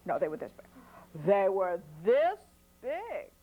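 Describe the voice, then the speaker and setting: A man's voice: high-pitched, very animated, unhurried, phone-quality sound, heavily acted. A storyteller voicing a sly, boastful fisherman in a folk tale, drawling as he fibs about his catch. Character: sly boastful fisherman brother, adult man.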